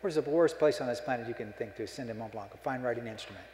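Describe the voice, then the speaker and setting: A man's voice: mid-range voice, fast, darkish tone. A middle-aged man giving a humorous keynote speech, a folksy joking storyteller, speaking on a stage microphone in a conference hall. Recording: echoey hall, live.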